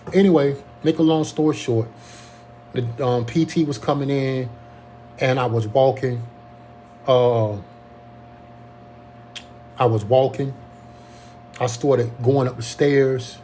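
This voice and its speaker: Sharing his experience of surviving Covid, a young man talks in a mellow, warm voice of ordinary pitch. The casual account comes out earnest and halting, with ums and sentences he starts over, and a faint hum runs beneath it.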